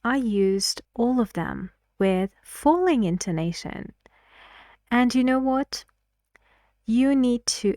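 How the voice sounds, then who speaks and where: A woman teaching an English pronunciation lesson, speaking slowly and clearly and reading example sentences aloud. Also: mid-range voice, dark tone, no echo, clean studio sound.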